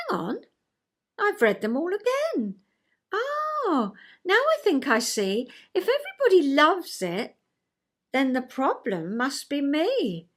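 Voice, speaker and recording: Chatty older woman, slow and high. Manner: chatty, self-mocking, lively. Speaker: vlogger. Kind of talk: reading a rhyming poem, then casual chat.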